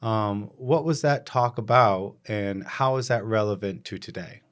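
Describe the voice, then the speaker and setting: Low smooth voiced guy hosting a podcast, upbeat, asks lots of questions. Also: a little slow. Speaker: podcast host. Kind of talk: interview hosting.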